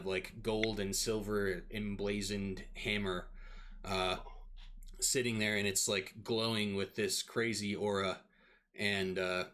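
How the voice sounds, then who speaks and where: A man's voice: on the low side, bright, forceful tone. A man narrating as game master in a casual way, laughing often and using many fillers.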